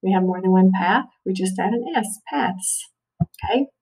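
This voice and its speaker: A woman's voice: mid-range voice, moderate pace, warm tone, far from the mic, low-quality recording. A woman teacher giving a recorded phonics lesson, patient and checking in with "okay" often.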